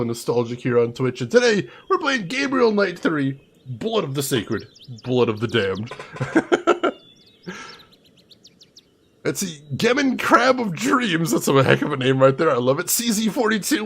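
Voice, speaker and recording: Casting: playful young male streamer, husky and high, bouncing all over the pitch range. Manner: playful, chatty, greets viewers by name. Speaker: livestreamer. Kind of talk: casual game livestream commentary.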